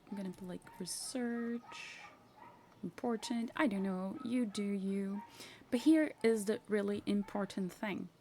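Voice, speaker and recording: A woman hosting a casual software tutorial, chatty and self-mocking, talking to herself as she clicks through. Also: medium pitch, a little hiss or hum. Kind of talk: casual screen-share tutorial.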